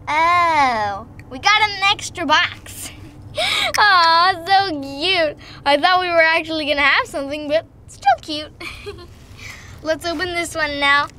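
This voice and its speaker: A woman's voice: high-pitched, pushed and bright, a little hiss or hum. A woman playing with dolls and unboxing toys, giggly and gushing, switching between doll voices. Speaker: doll-play video host.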